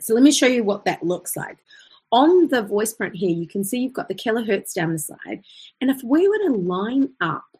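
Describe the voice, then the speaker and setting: Breathy lady voice coach explaining vocal stuff, chatty, lots of ums and restarts. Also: on the high side, big pitch swings, normal speed, a little mellow. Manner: explanatory, chatty, with fillers and self-corrections. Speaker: voice teacher. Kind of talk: online voice lesson.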